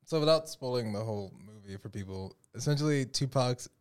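A man's voice: medium pitch, animated, a little fast, clear, resonant tone. A man chatting casually as a podcast guest, rambling through a story with lots of fillers and restarts. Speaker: guest musician.

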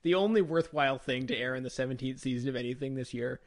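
A man co-hosts a casual TV podcast, cracking wry remarks and laughing often. His pitch is ordinary for a man. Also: quick pace. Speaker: podcast co-host. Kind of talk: casual TV review chat.

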